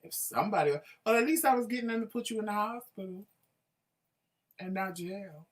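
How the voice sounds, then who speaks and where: A man's voice: high voice, brisk, rough recording. A man co-hosting a talk show, telling a home story in casual chat and acting out the voices in it. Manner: animated, acts out voices in anecdotes.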